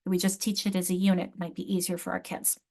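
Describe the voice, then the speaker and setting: A woman runs an online teacher training, explaining spelling steps and often correcting herself mid-sentence with frequent restarts. She talks fast in a lowish, creaky, darkish voice that stays monotone.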